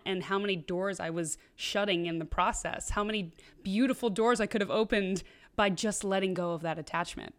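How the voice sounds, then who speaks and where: A woman's voice: mid-range voice, a bit bright. A woman guest on a casual podcast, talking openly and chattily, working her thoughts out as she speaks. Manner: open, chatty, thinks aloud.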